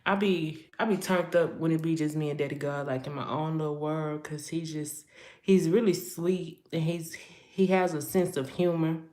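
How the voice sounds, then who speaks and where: A woman's voice: low voice, steady tone, normal speed, warm tone, roomy sound. A woman delivering a prophetic word in rhythmic, rhyming lines, speaking casually and laughing often.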